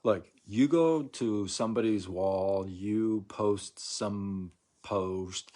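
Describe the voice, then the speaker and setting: A man's voice: fairly low pitch, darkish tone. A middle-aged man talking casually to viewers on a live stream, chatty and repetitive, often checking in with "right?" and acting out mock quotes. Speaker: vlogger.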